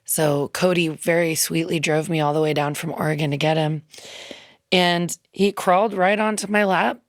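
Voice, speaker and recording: A woman with a low, gravelly voice tells a heartfelt story, chatty and loose, full of ums and little quoted asides. She is a guest in a radio studio, and her voice sounds dry and close to the mic. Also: steady tone, moderate pace, no echo. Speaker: musician guest. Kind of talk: casual interview storytelling.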